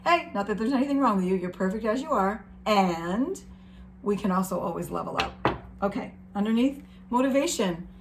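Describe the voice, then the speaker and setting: Gentle encouraging woman card reader. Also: mid-range voice, animated, normal speed, vocal fry, background noise. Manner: gentle, encouraging, emotional, talks to viewers as guys. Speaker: tarot reader. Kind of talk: spiritual card reading.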